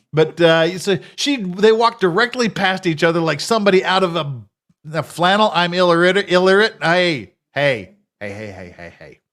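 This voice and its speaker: A man's voice: sits high, fairly bright tone. A man hosting a commentary show, ranting in a profane, sarcastic, scornful way. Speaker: host.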